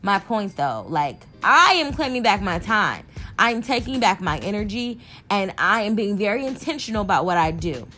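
A woman's voice: mid-range voice, normal speed, soft background music. A young adult woman talking casually and animatedly to her listeners, like a personal podcast monologue. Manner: chatty, animated, addresses listeners as y'all. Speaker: podcast host.

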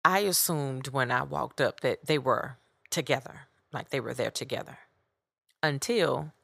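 A woman hosting a podcast, telling a story in a blunt, animated way. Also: sits low, creaky, dry recording, studio quality. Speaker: podcast host. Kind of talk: casual storytelling monologue.

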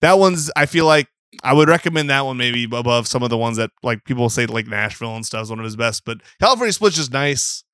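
A young man talks film on a casual podcast, rambling and relaxed, with easy laughs and casual swearing. His voice sits at an ordinary pitch, recorded close and dry with no room sound. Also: fast, smooth, dry recording. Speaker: podcast co-host.

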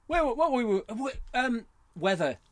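A man's voice: very high voice, big pitch swings, a little slow, no echo. A man co-hosting a podcast in casual banter, joking and teasing his partner. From England. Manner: jokey, giggly, teasing. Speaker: podcast co-host.

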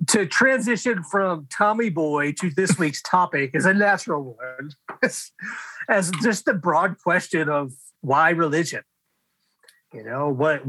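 A man's voice: fairly high pitch, sharp tone, no room sound, low-quality recording. A middle-aged man hosting a casual podcast discussion, chatty and laughing often. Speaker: podcast host.

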